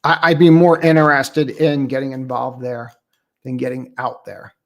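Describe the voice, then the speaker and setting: A man's voice: mid-range voice, little pitch movement, normal speed, gravelly. A man hosting a live trading stream, talking casually and bluntly through market charts with lots of filler words. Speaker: trading show host.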